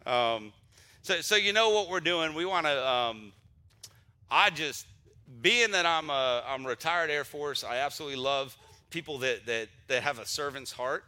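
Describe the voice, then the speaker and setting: A man's voice: fairly high pitch, animated, measured pace, clear, resonant tone. A middle-aged man, a pastor, giving church announcements and praying aloud, emotional and stumbling through restarts. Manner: warm, emotional, repetitive restarts. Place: church sanctuary during service.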